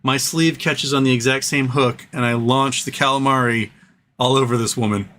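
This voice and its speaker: A man's voice: mid-range voice, moderate pace. A man hosting a live stream, telling stories casually and rambling, with lots of fillers and asides. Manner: rambling, animated storyteller with frequent fillers and asides.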